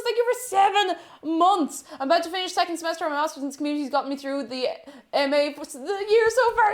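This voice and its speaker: Excitable high-voiced woman streamer. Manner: excitable, gushing, sing-song greetings. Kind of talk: live stream chat. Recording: music playing behind.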